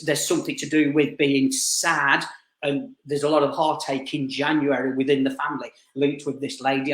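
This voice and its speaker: Man, medium giving a live reading, halting speech, many restarts, fairly high voice. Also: fairly bright tone. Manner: halting, full of restarts and repeated fillers. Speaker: spirit medium. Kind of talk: live spirit reading to an audience member. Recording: roomy echo.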